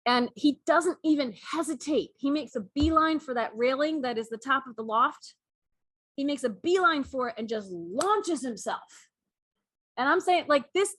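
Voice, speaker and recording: Woman, co-host, lively storyteller, laughs a lot, slightly high voice, dry close sound. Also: dry recording. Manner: animated, laughing, acts out cat and mouse voices. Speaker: podcast co-host. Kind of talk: casual storytelling chat.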